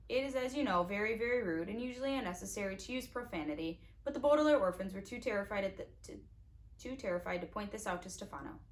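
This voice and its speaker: A woman reads a chapter of a novel aloud in a relaxed, homemade style. Her voice is mid-pitched, and she stumbles now and then and corrects herself. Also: quick pace. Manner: casual, with small slips and restarts. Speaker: audiobook reader.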